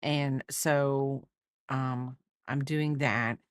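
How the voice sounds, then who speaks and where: A woman's voice: extremely low pitch, fairly even intonation, drawn-out words, no echo, studio quality. A woman crochet streamer chatting casually as she works, teasing and doting on her dog and rambling through half-finished sentences. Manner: rambling with restarts. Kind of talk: casual chat while crocheting.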